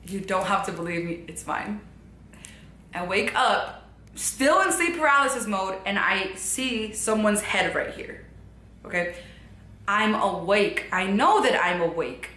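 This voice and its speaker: A young woman with a bright, sharp voice recounts a personal story in a loose, rambling way, packed with fillers. She drops to a hush and then springs back up, and her voice rings in an echoey room. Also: mid-range voice, measured pace, slight background noise. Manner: rambling, filler-heavy, shifts from hushed to animated. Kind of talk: casual storytelling to camera. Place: her apartment.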